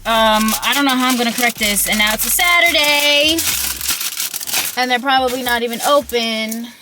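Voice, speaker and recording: A woman's voice: fairly high pitch, moderate pace, background noise. A woman vlogging casually about her small business, venting her frustration and swearing often. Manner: frustrated, swearing, repeats herself. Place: out and about, then at home.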